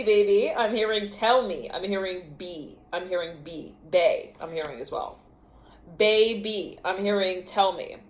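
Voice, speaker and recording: A woman giving an intuitive tarot reading to camera, rambling in fragments, often breaking into laughter. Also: mid-range voice. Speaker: tarot reader. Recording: echoey room with faint ambience.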